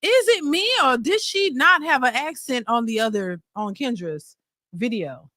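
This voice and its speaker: A woman's voice: a little high, expressive, a little slow, pushed and bright, no room sound, studio quality. A woman hosting a reaction stream, giving casual commentary on a clip and bluntly firing rhetorical questions at its guest. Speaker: reaction channel host.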